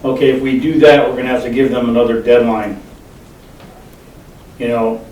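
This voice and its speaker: A man chairs a public board meeting in a flat, mellow voice, halting and restarting as he steers the talk. He sits away from the mic in an echoey meeting room with a faint hiss behind him. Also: mid-range voice, distant mic. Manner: halting, leads the discussion, restarts often.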